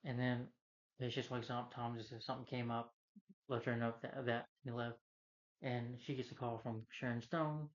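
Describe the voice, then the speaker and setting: A man's voice: mid-range voice, little pitch movement, normal speed. Rambling man recapping a film, lo-fi. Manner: rambling, filler-heavy retelling with many restarts. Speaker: film reviewer. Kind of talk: casual movie recap rant.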